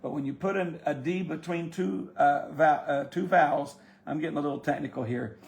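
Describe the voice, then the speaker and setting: A man teaching a casual language lesson in a folksy, encouraging way, with joking asides. His voice sits a little high and has a gravelly edge. It sounds like he was recorded in an echoey room. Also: fairly quick, a little mellow. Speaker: Spanish teacher.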